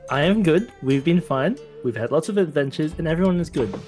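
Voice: mid-range voice, lively intonation, a little mellow, soft background music. Hesitant player voicing a character. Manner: hesitant, halting. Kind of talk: in-character tabletop play.

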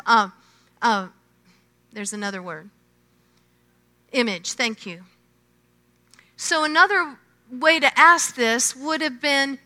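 A woman preaching a sermon, emphatic, swelling loud and then dropping to a hush. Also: high-pitched. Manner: emphatic, slow, with swelling and hushed phrases. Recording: long hall reverb.

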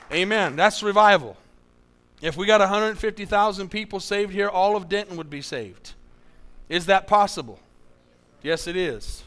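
A man's voice: sits high, a bit bright, smooth. A man preaching a sermon as pastor, repeating key lines for emphasis and asking his congregation for amens.

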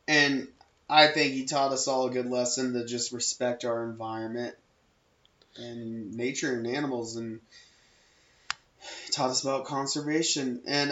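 A man's voice: medium pitch, sharp tone. Casting: man in his 20s, chatty podcast co-host, roomy echo, dull lo-fi sound. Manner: chatty, reads facts aloud, laughs often. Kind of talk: casual chat. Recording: echoey room, lo-fi podcast audio.

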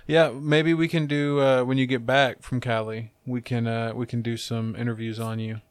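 A man's voice: mid-range voice, little pitch movement, normal speed, clear, resonant tone, dry recording. A young man hosting a podcast, talking in a laid-back, rambling, teasing way. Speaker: podcast host. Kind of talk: casual chat.

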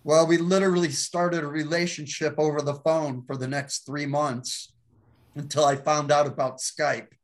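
A man, a pastor, telling his faith story as a guest, animated and laughing often as he acts out the voices in it. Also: a little high, normal speed. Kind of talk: storytelling testimony.

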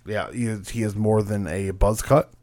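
A man's voice: on the low side, steady tone, moderate pace, a little mellow. A man co-hosting a casual wrestling podcast, trading crude jokes and banter. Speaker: podcast co-host. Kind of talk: casual wrestling recap chat.

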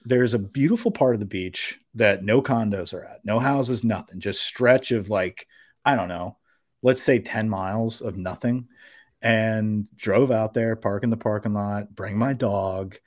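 A man's voice: fairly low pitch, a little slow, dry recording. Man, young, casual rambling anecdote, profane, dead dry room. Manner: rambling, animated anecdote with profanity and quoted voices. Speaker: podcast co-host. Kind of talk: casual storytelling.

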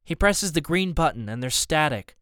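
A man narrating a thriller in first person, steady and tense. His voice sits a bit high, smooth and clean, and is recorded dry and close. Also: moderate pace, dry recording. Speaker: audiobook narrator.

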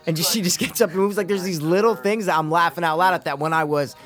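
A young man co-hosting a podcast, chatting casually and excitedly about a movie while watching it, rambling and swearing freely. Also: sits high, fast, few pauses.

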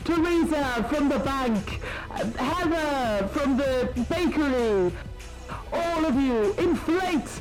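A woman's voice: high-pitched, animated, slow pace, over loud music, low-quality recording. A woman voicing a giant woman rebel leader who rallies the town's women to rise up. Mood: rallying. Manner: rousing, commanding speechmaking.

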